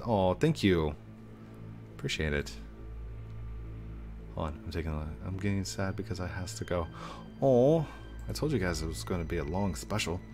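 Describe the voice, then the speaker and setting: Deep-voiced man chatting casually. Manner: rambling and animated, drifting from somber to excited. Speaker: gaming YouTuber answering viewer questions. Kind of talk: casual Q&A chat. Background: faint music.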